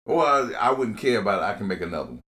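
A man's voice: lowish voice, big pitch swings, very fast, a crowd in the background. A man on a podcast making jokes, interrupting, and restarting his sentences. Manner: joking, interrupts, stammers on restarts. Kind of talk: casual banter.

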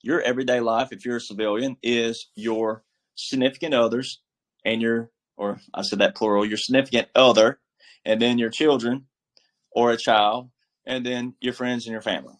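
A man's voice: medium pitch, fairly even intonation, moderate pace. A man giving casual political commentary as a guest, emphatic and preachy, with a folksy, filler-heavy way of talking. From military background.

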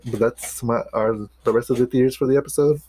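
A man's voice: medium pitch, steady tone, fairly quick, mellow, slightly rough. A man co-hosting a podcast in casual chat, rambling and hesitant with many restarts. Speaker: podcast co-host.

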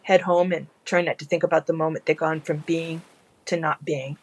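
A narrator reading a fan audiobook in a measured, low-key storytelling manner. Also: level tone, low-quality recording.

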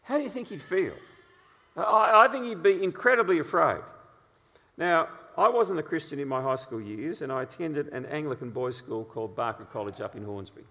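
A man preaching a sermon, telling stories in an animated way, with his voice sitting on the higher side. His words carry the long reverb of a big hall. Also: normal speed. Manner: animated storytelling with frequent uh fillers.

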